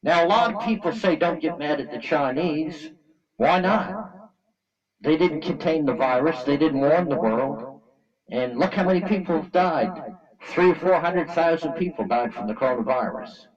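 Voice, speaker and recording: A man's voice: a little high, animated, normal speed, recorded from a distance, lo-fi sound. Blunt, angry Canadian man ranting. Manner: blunt, angry, colloquial, repeats himself. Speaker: vlogger. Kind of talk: blunt opinion rant to camera.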